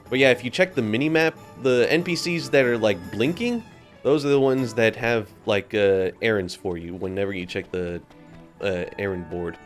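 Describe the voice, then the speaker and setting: A man casually commenting on his gameplay, rambling and trailing off as he explains side quests. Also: lowish voice. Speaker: let's play gamer.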